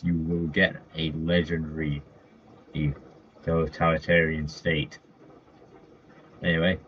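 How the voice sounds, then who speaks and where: A man in casual commentary running through a list of comic villains, rambling with fillers and self-corrections. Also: low voice. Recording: dull lo-fi mic with faint noise.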